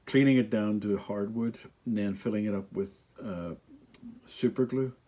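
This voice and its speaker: A man working as a luthier, casually walking through a guitar repair in an easygoing, rambling way with frequent pauses. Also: lowish voice, steady tone, dark tone. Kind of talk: casual workshop walkthrough. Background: electric guitar playing.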